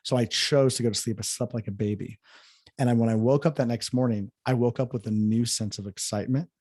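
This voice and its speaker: Husky guy sharing a story, laid back and thoughtful, dry sound. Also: mid-range voice, a little fast, no echo. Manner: reflective, relaxed storyteller. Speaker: podcast guest. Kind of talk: conversational storytelling.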